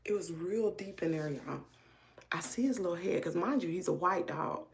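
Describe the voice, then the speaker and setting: A woman, telling a story to her viewers in a chatty, animated way with lots of asides. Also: on the low side, normal speed, gravelly. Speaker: family vlogger.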